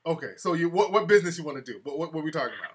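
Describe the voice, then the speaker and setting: A man's voice: on the high side, expressive, rapid-fire, breathy edge. A man hosting a live call-in show, mocking callers in loose street slang. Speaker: host.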